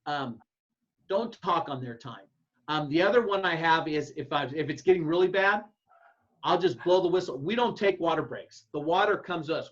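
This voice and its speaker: A man, a football coach, giving blunt, folksy advice to other coaches and acting out his own yelled calls. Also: a little high. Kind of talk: casual advice talk to coaches. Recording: dull lo-fi sound.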